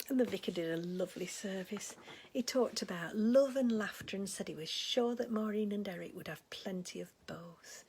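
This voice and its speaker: A woman voicing a chatty older village lady, rambling fondly through local gossip in a comic monologue. Her voice is very breathy and husky, sitting at an ordinary middle pitch. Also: darkish tone.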